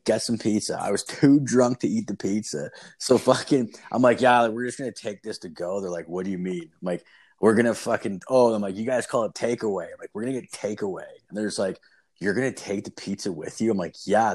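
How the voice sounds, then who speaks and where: A young man with a husky, somewhat low voice tells a long, loose story in casual podcast chat. He swears constantly and leans on "like" between every few words. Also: darkish tone. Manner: rambling, profane, constant "like" fillers.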